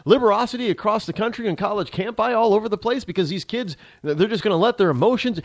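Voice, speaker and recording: A man's voice: sits high, fast, few pauses, no room sound. A man from the United States hosting a talk show, ranting sarcastically in an opinionated monologue.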